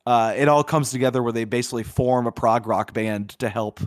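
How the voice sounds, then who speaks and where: A man co-hosts a podcast, reviewing films in a loose, chatty way with lots of filler words. His voice is medium-pitched and a little fast, recorded clean in a studio with no echo.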